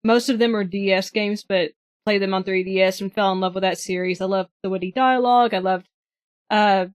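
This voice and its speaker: A woman's voice: medium pitch, steady tone, brisk, clean tone. A young woman co-hosting a casual podcast chat, cheerful and enthusiastic. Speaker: podcast co-host.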